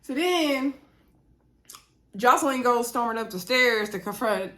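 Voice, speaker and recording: A woman's voice: fairly high pitch, expressive, measured pace, a bit bright. A woman giving a casual, chatty recap of a reality show, laughing often and acting out what people said. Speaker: recap vlogger.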